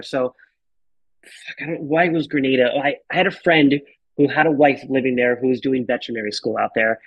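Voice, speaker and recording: A man in his thirties, a podcast guest, telling a wild travel story in an animated, casual way and swearing freely. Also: mid-range voice, fairly quick, no room sound, muffled recording.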